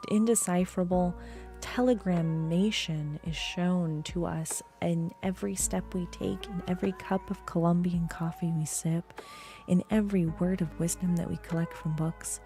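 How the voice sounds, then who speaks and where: A woman reads a story aloud in a slow, hushed voice that often sinks to a whisper. Her tone is low, gravelly and dark. Soft music plays behind her. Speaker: streamer reading a story aloud. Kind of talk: reading a story aloud on a live art stream.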